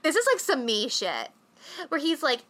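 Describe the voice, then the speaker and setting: A woman's voice: high voice, huge pitch swings, normal speed, crowd noise. A young adult woman co-hosting a podcast, recapping a movie in a rambling, casual way full of swearing and filler words. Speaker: podcast co-host.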